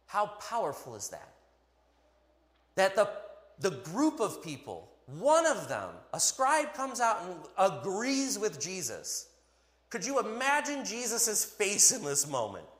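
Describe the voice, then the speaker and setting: A man preaching a sermon in a church, emphatic and animated, with playful asides to the congregation. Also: high-pitched, slow. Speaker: pastor. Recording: echoey hall.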